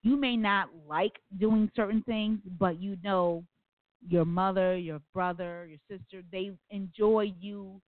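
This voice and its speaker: A woman's voice: mid-range voice, steady tone, measured pace, dry recording. A woman hosting a call-in radio talk show, telling stories in an earnest, rambling way. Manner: earnest storytelling, rambling asides. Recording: phone-like, dry sound.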